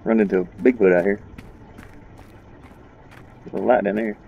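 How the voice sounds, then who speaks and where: A man's voice: fairly low pitch, normal speed, vocal fry, dark tone, muffled recording, a little hiss or hum. A man giving let's play commentary, rambling and joking his way through a spooky game, laughing at his own nerves. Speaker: gaming channel host.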